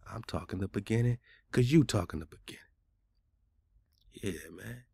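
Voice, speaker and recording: Deep gravelly man, casual and argumentative. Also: moderate pace, warm tone, no room sound. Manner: argumentative, colloquial, talks back at a chatbot. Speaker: radio show host. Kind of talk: casual radio talk.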